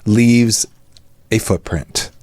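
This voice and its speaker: A man's voice: fairly low pitch, extremely slow, a little mellow, dry recording. A man hosting a psychology talk show, chatting casually and laughing often in rambling asides. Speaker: podcast host. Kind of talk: casual chat.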